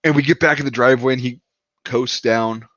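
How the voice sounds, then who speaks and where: A man's voice: medium pitch, fairly even intonation, a little fast, fairly bright tone, no echo. A man casually telling a long, profane anecdote on a podcast. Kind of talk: casual storytelling. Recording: dull, dry lo-fi sound.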